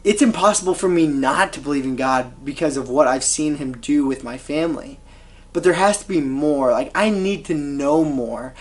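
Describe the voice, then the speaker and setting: A man's voice: on the high side, moderate pace. A young man, a medical student telling his faith story earnestly and conversationally, full of "you know" and "like". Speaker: medical student sharing testimony. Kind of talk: personal faith testimony to camera.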